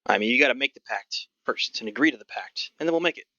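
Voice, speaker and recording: A man voicing a gruff, hairy old goblin who sells tickets and haggles curtly. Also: medium pitch, animated, quick pace, sharp tone, dry recording, highs cut off. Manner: curt, stubborn, haggling.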